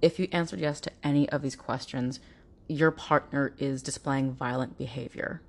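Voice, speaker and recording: A woman's voice: extremely low pitch, steady tone, normal speed. A woman hosting an informative podcast, talking earnestly and directly to listeners, now and then mimicking other people in mocking voices. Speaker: podcast host.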